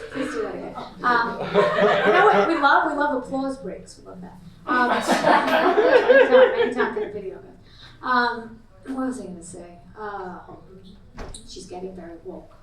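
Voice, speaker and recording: A middle-aged woman works through a crude stand-up set, her voice sitting high and her punchlines dry and brash. She often breaks into laughter at her own jokes. The sound comes from far off in an echoey club, with a crowd laughing loudly behind her. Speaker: stand-up comedian. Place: small comedy club stage. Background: loud crowd laughter.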